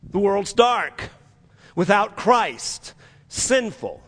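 High-voiced man preaching in a reverberant hall. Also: lively intonation, unhurried, fairly bright tone. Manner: emphatic preaching with repeated phrases and restarts. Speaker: pastor. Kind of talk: sermon.

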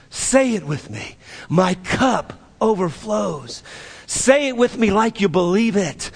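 A male pastor preaching a fervent sermon, reading scripture quickly, then slowing for emphasis and repeating phrases for the congregation. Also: high voice, expressive, vocal fry, slightly rough.

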